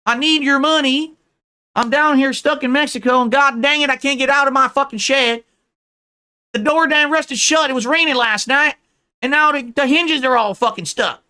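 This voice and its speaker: A man's voice: extremely high pitch, normal speed, pushed and bright, voice pushed up, full character voice. Man putting on a whiny drawling beggar voice. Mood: mocking whine. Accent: mock Southern drawl. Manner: mocking, exaggerated twang.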